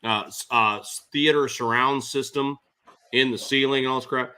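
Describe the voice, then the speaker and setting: Male guest, bright and forceful voice, chatty storyteller. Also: medium pitch, moderate pace, smooth. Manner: animated anecdote-telling, laughing often. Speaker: podcast guest. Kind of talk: casual storytelling.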